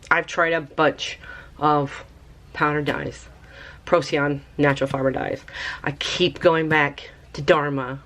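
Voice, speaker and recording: Slow-talking, excitable woman crafter. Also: a little hiss or hum. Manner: bubbly and excitable, squeals with high delight; chatty, talks to viewers as friends. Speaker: craft video host. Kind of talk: casual product review vlog.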